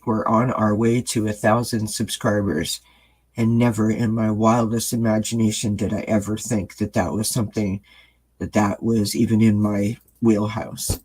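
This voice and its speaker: Low, husky man chatting haltingly. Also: little pitch movement, poor audio. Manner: halting, full of ums and restarts; earnest and gentle. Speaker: tarot reader and channel host. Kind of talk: casual chat to viewers.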